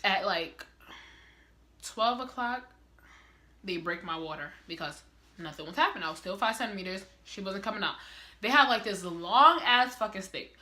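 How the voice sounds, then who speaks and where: A young woman telling a story in a casual vlog, animated and heavy on swearing. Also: mid-range voice, moderate pace, pauses often. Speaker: vlogger.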